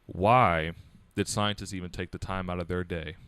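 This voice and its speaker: A man's voice: low-pitched, fairly even intonation, normal speed, fairly bright tone, clean tone. A man co-hosting a casual podcast among friends, blunt and teasing, getting worked up as he talks. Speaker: podcast co-host. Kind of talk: casual chat.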